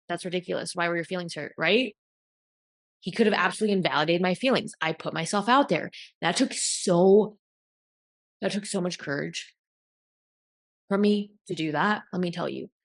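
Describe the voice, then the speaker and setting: A woman giving a blunt, emphatic motivational talk as a self-help coach, swearing casually. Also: fairly low pitch.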